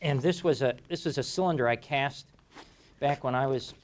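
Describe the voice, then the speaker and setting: A middle-aged man gives a university lecture in a lecture hall at a moderate pace and medium pitch. His classroom style is casual and chatty, full of restarts and laughter.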